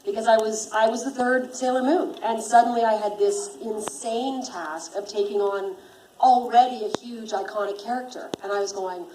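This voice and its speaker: A woman voice actor on a convention panel, telling casual anecdotes in an animated way with lots of laughter. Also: fairly high pitch, moderate pace. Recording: echoey hall with background noise.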